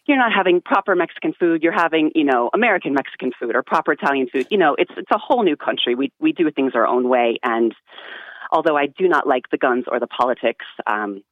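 A man's voice: on the high side, expressive, fast talker, no echo. Enthusiastic man on a phone line. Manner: enthusiastic and rambling. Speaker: radio caller. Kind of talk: casual phone-in chat. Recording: dry tinny phone line.

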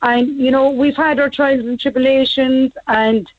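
A woman, telling a family story as a radio guest in a brisk, animated way. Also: high-pitched, no room sound. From Ireland. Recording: dry, slightly muffled radio audio.

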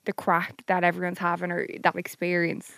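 Playful Irish woman, creaky voice. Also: on the low side, monotone, fairly quick, a bit bright, no echo, studio quality. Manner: playful, joking, easygoing. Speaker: podcast co-host. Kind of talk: casual chat.

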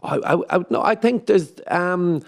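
A man's voice: sits high, a little slow. A man with a Limerick Irish accent, a comedian joking through an interview with wry, self-mocking asides. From Limerick, Ireland. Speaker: comedian guest.

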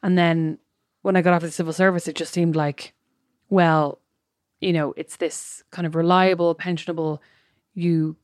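A woman's voice: fairly low pitch, little pitch movement, moderate pace, no echo, clean studio sound. An Irish woman co-hosting a podcast, chatting casually and rambling through personal anecdotes. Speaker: podcast co-host. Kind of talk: casual chat.

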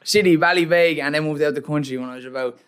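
A man's voice: on the high side, fast talker, fairly bright tone, smooth. A young Irish man from Waterford, a boxer guesting on a podcast, chatting in an easygoing way and often adding "you know what I mean". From Ireland, Waterford. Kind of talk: casual chat.

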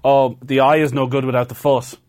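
A man's voice: mid-range voice, level tone, brisk, a little mellow. A man co-hosting a podcast, laughing through his own story in a casual chat. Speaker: podcast co-host.

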